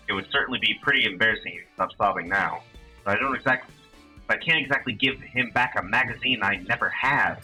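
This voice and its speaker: A man's voice: on the low side, fairly quick, bright, forceful tone, slightly rough, soft background music. A man reading a visual novel aloud in a dry, wry narrating manner. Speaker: let's-play reader.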